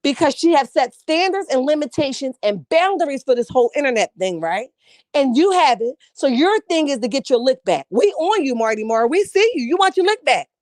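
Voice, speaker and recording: A woman's voice: high voice, big pitch swings, a little fast, darkish tone, dry recording. A woman hosting a casual livestream, reading chat comments and talking back to them with sass and emphasis.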